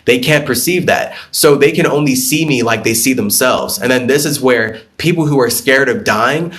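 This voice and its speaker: A man's voice: mid-range voice, normal speed, fairly bright tone. A man hosting a spiritual live stream who talks bluntly and profanely, rambling through his ideas, answering viewer comments and breaking into laughs.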